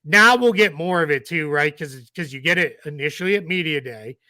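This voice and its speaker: A man's voice: a little high, lively intonation, a little fast, sharp tone, no echo, studio quality. A man in his forties, co-hosting a sports podcast in a chatty, jokey, rambling way. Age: 40s. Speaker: podcast co-host. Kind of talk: casual sports chat.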